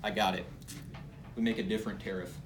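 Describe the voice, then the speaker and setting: A young man playing a bumbling, self-satisfied president in an amateur comedy skit, halting and stumbling over his words, giggly. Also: fairly low pitch, steady tone, far from the mic, lightly acted. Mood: smug. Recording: noisy amateur recording.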